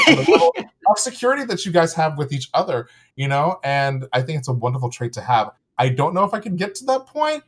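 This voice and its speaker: A man co-hosting a candid podcast chat, talking freely, laughing often and stumbling over his words when excited. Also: mid-range voice, fast talker, few pauses.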